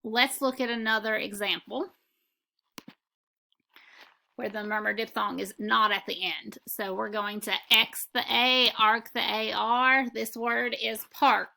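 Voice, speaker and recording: A woman teaching a phonics lesson, speaking slowly and deliberately as she walks through spelling rules. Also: on the high side, steady tone, creaky, sharp tone. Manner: slow, deliberate and instructive.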